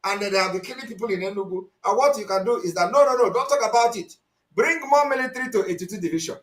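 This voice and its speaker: A man with a Nigerian accent giving impassioned live-stream commentary, full of rhetorical questions and sudden shouts. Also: high-pitched, quick pace, echoey room, rough recording. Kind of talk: impassioned commentary over played clips.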